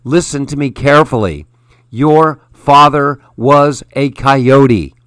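A wise elder woman speaks slowly and firmly, with the earnest weight of someone long in charge, voiced by a man. She is weary and stern. The recording is dry and close. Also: medium pitch, animated, a bit bright, no room sound. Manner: firm and earnest.

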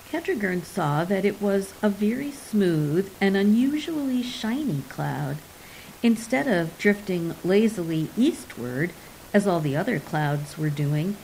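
A woman reading a fantasy story aloud in an even, measured storytelling manner. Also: mid-range voice, a little hiss or hum, rough recording. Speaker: narrator. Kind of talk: scripted audiobook narration.

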